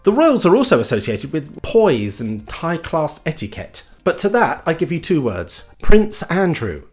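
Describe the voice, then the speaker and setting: British guy doing a deadpan comedy rant, dry and sardonic, soft music underneath. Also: on the high side, normal speed. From Britain. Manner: dry, sardonic delivery with mock outrage. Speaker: comedy host. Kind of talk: scripted comic monologue.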